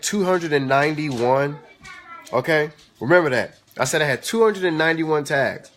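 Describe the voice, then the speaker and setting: A man at home hosting a casual live-stream chat, telling stories in an animated way and talking back to his viewers. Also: fairly high pitch.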